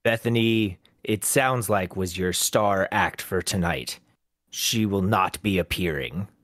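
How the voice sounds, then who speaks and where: A man's voice: sits low, slow, fairly bright tone, dry recording, clean studio sound, voice pushed down. A man playing a grave, towering statesman.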